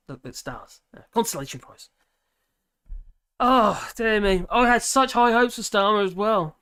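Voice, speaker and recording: A man's voice: high voice, pushed and bright. A man hosting a live stream in casual chat, rambling, laughing often and trailing off mid-sentence.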